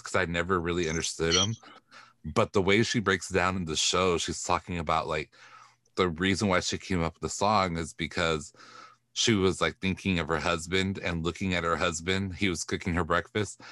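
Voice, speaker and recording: A man from Corpus Christi, Texas, co-hosts a pop-culture podcast in a loose, chatty way, full of fillers and the odd curse. His voice sits very low but comes across bright and forceful. The sound is dry and close. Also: dry recording. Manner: chatty, with frequent fillers and swearing. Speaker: podcast co-host. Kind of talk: casual pop-culture chat.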